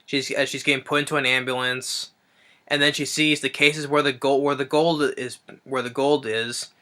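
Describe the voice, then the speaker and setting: A man giving a casual spoken film review, halting and restarting his phrases as he thinks aloud. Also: mid-range voice, flat delivery, bright, forceful tone. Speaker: movie reviewer.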